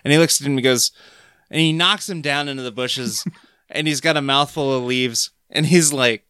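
A man's voice: mid-range voice, normal speed, bright, forceful tone, clean tone, no echo, clean studio sound. A man co-hosting a podcast, casually retelling a cartoon's plot with chuckles. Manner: narrates plot points with chuckles. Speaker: podcast co-host. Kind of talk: casual chat recapping a cartoon.

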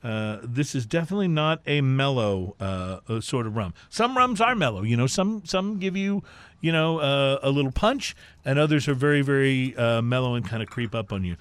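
Animated male radio host. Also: medium pitch, smooth, no echo. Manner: animated, halting with many fillers. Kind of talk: casual tasting chat. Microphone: studio microphone.

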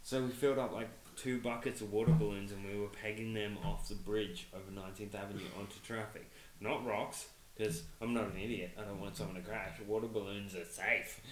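A man's voice: on the low side, steady tone, fairly quick, hardly any pauses, a little hiss or hum. A man, co-hosting a podcast, telling a story in casual chat, swearing constantly and laughing as he goes. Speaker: podcast co-host. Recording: echoey room.

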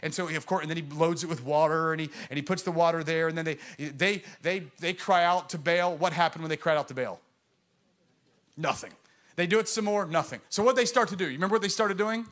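A middle-aged man preaching a sermon, impassioned, moving between loud proclamation and hushed intensity, often asking the congregation questions. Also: a little high, fast talker. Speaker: pastor.

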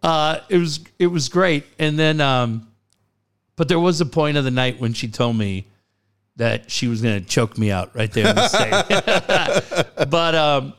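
A man co-hosting a casual chat, telling stories with lively jokes. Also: a little slow. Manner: animated storyteller, jumps high in pitch when joking. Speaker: co-host.

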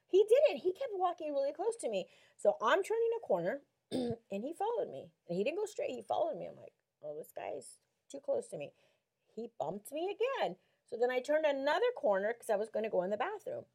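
A high-pitched woman from Mexico talks fairly quickly as she shares a story on a Christian talk show. Her telling is animated, packed with acted-out quotes and regular bursts of laughter.

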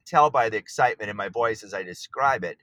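A man's voice: fairly low pitch, expressive, quick pace, fairly bright tone, dry recording. A man speaking as an artist guest in an interview, talking with enthusiasm and sometimes searching for words. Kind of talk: interview conversation.

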